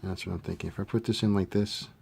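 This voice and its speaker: A man with a fairly low voice walks through a model build in a casual tutorial. He thinks aloud as he works, relaxed and unhurried, with plenty of fillers. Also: creaky, a little hiss or hum. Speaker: scale model hobbyist demonstrating a kit build.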